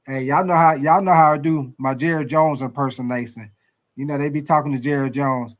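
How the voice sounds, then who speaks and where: A man hosting a casual live sports talk stream, calling out to his chat in a loose, excitable way and tagging his lines with "man" and "baby". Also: fairly high pitch, a little fast.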